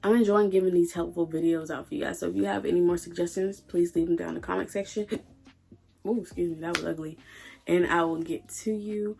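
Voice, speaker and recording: A woman's voice: fairly low pitch, fairly even intonation, fairly quick, creaky, warm tone, faint music behind. A young woman vlogging as a dialysis tech, telling a story to her viewers in a blunt, emotional way and swearing freely. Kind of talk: casual storytelling vlog.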